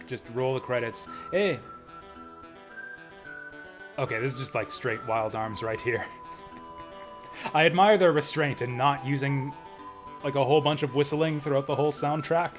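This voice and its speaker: Young guy streamer rambling over his game, mid pitch, faint game music going. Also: steady tone, moderate pace, long pauses. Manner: chatty, laughs often, filler words. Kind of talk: casual gameplay commentary.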